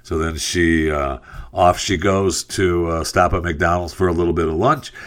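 Deep male talk-radio host, loose and rambling. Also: moderate pace. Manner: relaxed, rambling, frequent fillers. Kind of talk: casual talk, telling a joke.

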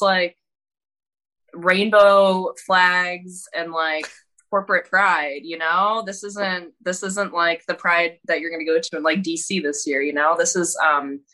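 Candid bright-voiced woman, swearing freely. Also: on the low side, rough recording. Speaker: wrestling show organizer. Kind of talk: casual podcast chat.

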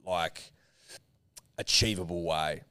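A man's voice: sits low, takes it slowly, sharp tone, clear, resonant tone, dry recording. An Australian man co-hosting a sports podcast, chatting in a matey, enthusiastic way and restarting phrases. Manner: matey, enthusiastic, repeats himself when starting. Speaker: podcast co-host. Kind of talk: casual chat.

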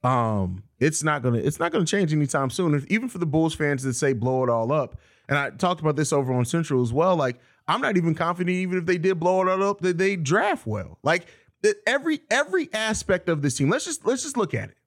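A man co-hosting a casual sports podcast, speaking in a measured, laid-back way. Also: on the high side, animated.

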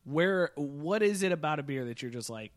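A man co-hosting a beer podcast, talking in a relaxed, jokey way and swearing freely. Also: on the high side, normal speed. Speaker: podcast co-host. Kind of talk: casual chat.

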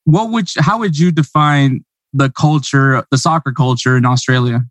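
A man's voice: medium pitch, moderate pace, no echo. Chatty American man who laughs a lot. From United States. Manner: laughs often, chatty, repeats words. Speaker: host. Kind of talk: casual interview chat.

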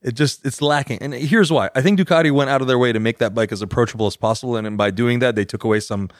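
A man's voice: mid-range voice, fast, dry recording. Enthusiastic man, casual and dry-sounding. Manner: enthusiastic, swears freely, laughs often. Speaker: podcast co-host. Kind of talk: casual chat.

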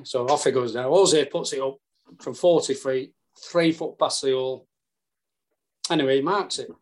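A man with a Yorkshire accent, a golf caddie guest telling lively stories with casual swearing. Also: medium pitch, normal speed. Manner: animated, earthy, casual swearing. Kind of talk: storytelling chat.

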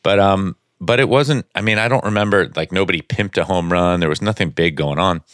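A man with a very low, resonant voice rambles through a story in casual podcast chat. He is a former pitcher and keeps stopping to hunt for the right word. The sound is dry and close. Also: a little fast, fairly bright tone, no echo. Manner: rambling storyteller, searches for words. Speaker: former professional baseball pitcher.

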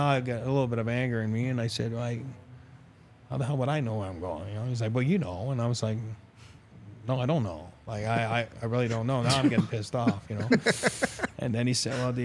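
A man's voice: mid-range voice, slight background noise. Chatty middle-aged man telling stories. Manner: rambling, animated anecdotes with quoted dialogue and laughs. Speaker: former pro hockey player, new team reporter. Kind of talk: casual interview storytelling.

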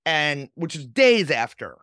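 A woman's voice: deep voice, very animated, a little slow, a bit bright, smooth, no room sound, clean studio sound. A woman hosting a podcast, reading sources aloud and chatting in a sardonic, storytelling way. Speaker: podcast host.

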